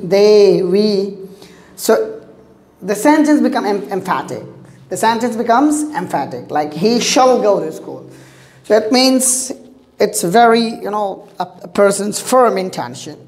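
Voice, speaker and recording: A woman gives an English grammar lesson at an unhurried pace, in a medium-pitched voice. She walks through example after example and repeats key points patiently. The sound carries a roomy echo. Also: darkish tone. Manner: explains patiently with many examples and repetitions. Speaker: English teacher.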